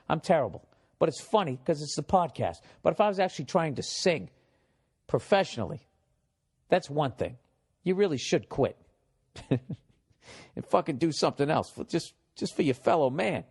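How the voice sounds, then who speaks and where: A man's voice: on the high side, darkish tone, breathy edge. A man hosting a comedy podcast, telling stories and reading listener mail in a blunt, profane, mocking way. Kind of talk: casual podcast rant.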